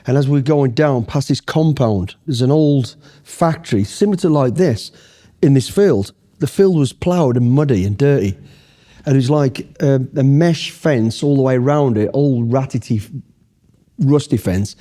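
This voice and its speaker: Man, middle-aged, very dark mellow tone, blunt sweary storytelling. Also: medium pitch, moderate pace. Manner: blunt, swears freely, acts out his past thoughts. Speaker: interview guest, former special forces soldier. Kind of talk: casual storytelling.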